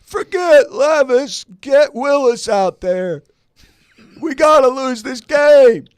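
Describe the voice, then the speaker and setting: Man doing a rowdy Southern fan, high shouted drawl, over-the-top, dry studio sound. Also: fast talker, no echo. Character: rowdy fan wanting his team to lose. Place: radio studio.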